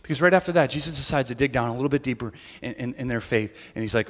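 A man preaching an Easter sermon as pastor, in a conversational, animated storytelling manner that acts out the people in his story. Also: mid-range voice, quick pace, few pauses, long reverb tail. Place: church.

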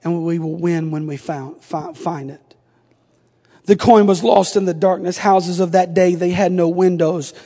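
High-voiced preacher in a reverberant church. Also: male voice, fairly even intonation, measured pace. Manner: humorous storytelling rising to fervent shouting. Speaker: pastor. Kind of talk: sermon with personal story. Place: church sanctuary. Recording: long reverb of a church sanctuary.

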